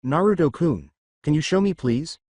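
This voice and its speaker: A man's voice: on the high side, lively intonation, moderate pace, a little mellow, slightly rough, no echo. A man doing a flustered young ninja woman. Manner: nervous, stammering.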